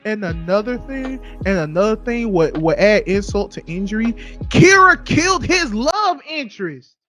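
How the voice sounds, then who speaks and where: Profane, heated podcast ranter. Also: male voice, high voice, very animated, normal speed, pushed and bright, faint music behind. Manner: heated, profane, repetitive ranting. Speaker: podcast co-host. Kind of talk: casual podcast rant.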